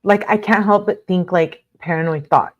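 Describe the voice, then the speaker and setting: A woman's voice: fairly low pitch, moderate pace, muffled recording. Outraged woman reading aloud live. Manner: reads aloud then reacts with blunt outrage, filler-heavy. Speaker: livestream host reading court documents. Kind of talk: casual live commentary.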